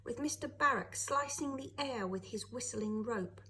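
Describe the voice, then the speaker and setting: A woman, a teacher, reading a children's novel aloud with expressive storytelling. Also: a little high, moderate pace, slight background noise, rough recording.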